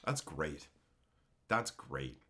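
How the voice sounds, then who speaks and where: A man's voice: rumbling low, big pitch swings, extremely slow, bright, forceful tone. A man streaming casually, chatting with his live viewers in a rowdy, swearing way, laughing often and calling them bro and son. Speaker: streamer reading live chat. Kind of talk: casual profane stream chat.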